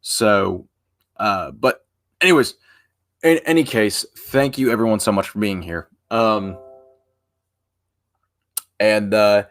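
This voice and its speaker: Young male streamer, lowish voice, tired, loose rambling chat that trails off quietly. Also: slow pace, pauses often. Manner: rambling and informal, trailing off softly at the ends of phrases. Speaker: live streamer. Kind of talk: casual live stream chat.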